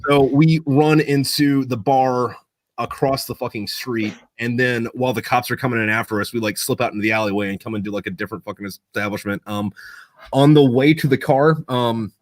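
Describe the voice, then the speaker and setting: A man spins a crude, rambling story, packed with swearing and filler words. His voice sits at an ordinary middle pitch. The sound is dry and close, with no room around it. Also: no room sound. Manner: profane, rambling, full of fillers. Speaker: Marine veteran. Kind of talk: casual storytelling.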